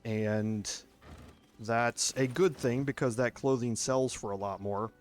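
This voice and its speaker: A man's voice: medium pitch, fairly even intonation, slow, soft background music. A man with a Texas accent giving casual, step-by-step commentary while playing a video game. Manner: chatty, explains step by step. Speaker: gameplay streamer.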